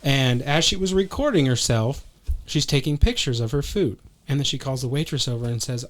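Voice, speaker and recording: A man's voice: medium pitch, brisk. A man hosting a podcast, asking questions and recounting things in casual chat. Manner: leads the questions, recounts videos. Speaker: podcast host.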